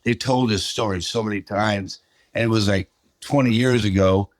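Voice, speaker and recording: A man's voice: lowish voice, fairly even intonation, moderate pace, dry recording. A middle-aged man giving a personal testimony as a podcast guest, plainspoken and casual, acting out what people said. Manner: plainspoken, casual, retells dialogue.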